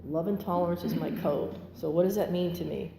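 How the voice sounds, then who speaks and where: A woman's voice: fairly low pitch, brisk, creaky, noisy background. Candid woman speaking in an echoey hall. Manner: candid, animated, acts out quotes with laughter. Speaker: speaker at a recovery meeting. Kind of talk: personal testimony. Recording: echoey hall with long reverb, faint ambience.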